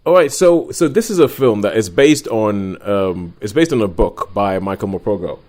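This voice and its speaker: A man's voice: fairly low pitch, animated, moderate pace, a little mellow. A man co-hosting a podcast in casual chat, dropping short interjections and dry questions. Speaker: podcast co-host.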